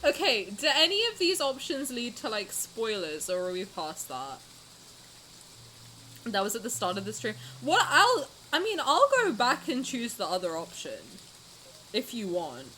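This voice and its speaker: A woman's voice: on the high side, big pitch swings, measured pace, bright, forceful tone, slight background noise, poor audio. A woman streamer reacting live to a game, blunt and swearing freely as she talks back to her chat.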